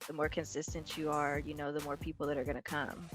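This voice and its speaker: A woman's voice: low voice, fast. Upbeat woman podcast host over music. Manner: relaxed, upbeat, wraps up segments. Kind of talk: casual chat.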